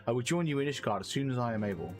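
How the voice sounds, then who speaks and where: A solemn young male elf leader speaks in formal, old-fashioned phrasing, earnest and weighed down by regret, as a streamer voices him. His delivery is measured and grave, with faint game music behind. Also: medium pitch, lively intonation, close to an everyday voice. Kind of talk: reading game dialogue aloud.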